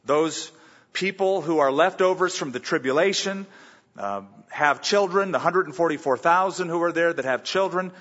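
A man preaching a sermon in earnest, reading scripture aloud and slowing down for emphasis. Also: fairly high pitch, a bit bright, big-room sound, dull audio. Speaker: pastor.

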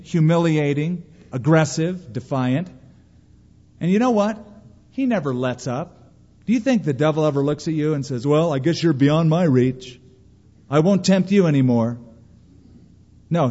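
A man preaching a sermon as pastor, emphatic and animated, acting out quoted lines. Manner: emphatic preaching, voices quotes with raised pitch. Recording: dull sound in a long-reverb hall.

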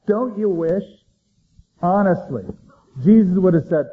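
A man preaching a sermon, dramatic, swinging between loud emphasis and hushed low lines. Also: expressive, a little slow, pauses often, husky, narrow, tinny audio. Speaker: pastor.

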